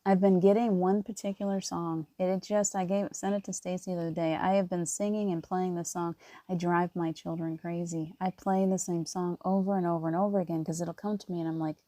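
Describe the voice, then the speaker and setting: Woman, low flat voice, dry close sound, casual spiritual talk, tearful and encouraging. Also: fairly quick, no echo. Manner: rambling, with many restarts. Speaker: spiritual reader.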